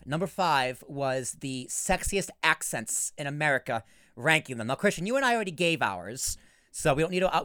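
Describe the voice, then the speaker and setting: A man's voice: a little high, bright, forceful tone, no room sound, studio quality. A young man hosting a podcast in loose casual chat, laughing and swearing as he riffs. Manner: laughing, swearing, mock impressions. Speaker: podcast host.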